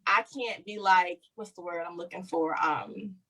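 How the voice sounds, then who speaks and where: A woman's voice: on the low side, measured pace, a bit bright, rough recording. Woman host, earnest and candid, casual parenting talk. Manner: earnest, searching for words. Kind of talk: casual conversation about parenting.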